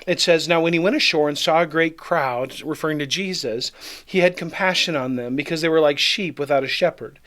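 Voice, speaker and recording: A man's voice: on the high side, a little fast, a bit bright. A male pastor giving a conversational daily devotional, reading scripture aloud and explaining it. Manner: conversational, reads scripture then acts out the disciples. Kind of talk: devotional Bible teaching.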